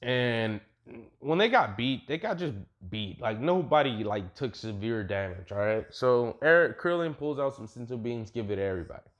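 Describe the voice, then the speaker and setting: A man's voice: medium pitch, expressive, normal speed, dull audio. A young adult man casually retelling a fan what-if story, rambling, profane and full of slang.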